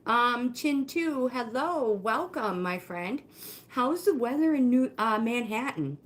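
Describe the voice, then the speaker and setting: Speaking slowly in a slightly high voice with lively intonation, a middle-aged woman coaches a live walking workout. She's chatty and encouraging, greets viewers by name, sounds a little out of breath, and the room has a noticeable echo.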